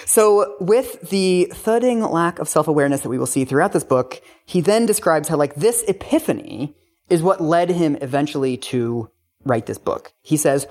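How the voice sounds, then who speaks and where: A man's voice: a little high, animated, normal speed, darkish tone. A man co-hosting a podcast, explaining and reading quotes with a wry, critical tone. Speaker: podcast co-host. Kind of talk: casual chat and reading quotes aloud.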